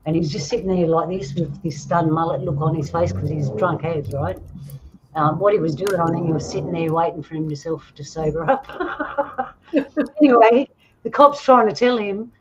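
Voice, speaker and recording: A woman's voice: on the low side, moderate pace. An Australian woman hosting a casual chat, telling stories and laughing often. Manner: chatty storyteller, laughs often. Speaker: host. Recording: dull lo-fi sound with faint noise.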